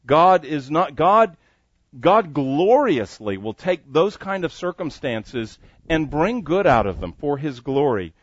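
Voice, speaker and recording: A man's voice: a little high, no room sound, highs cut off. A man preaching a sermon, reading scripture aloud and pressing each point with earnest emphasis. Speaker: pastor.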